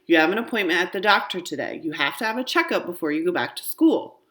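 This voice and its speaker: A hurried, exasperated mother, firm and scolding as she rushes her child along in a storybook reading, voiced by a woman reading aloud. The voice sits low and gets louder when she insists. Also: animated.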